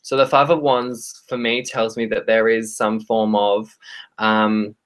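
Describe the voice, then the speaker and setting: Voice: medium pitch, level tone, unhurried. Australian tarot reader, chatty and hesitant. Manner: friendly, hesitant with frequent ums and restarts. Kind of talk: live-streamed tarot reading, chatting with viewers.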